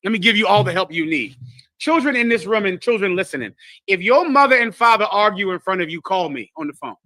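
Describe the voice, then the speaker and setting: A man leads a scripture class in a forceful, bright voice pitched high for a man. He preaches with lively call-and-response and singles out people in the room. The sound is dry and close. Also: quick pace, dry recording. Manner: animated call-and-response, addresses listeners directly. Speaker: teacher leading a scripture class. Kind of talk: preaching to a live congregation.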